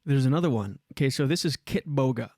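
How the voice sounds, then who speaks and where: A man's voice: medium pitch, animated, quick pace, darkish tone, no room sound. A man hosting a casual podcast, telling stories animatedly and swearing freely on a studio mic. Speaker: podcast host.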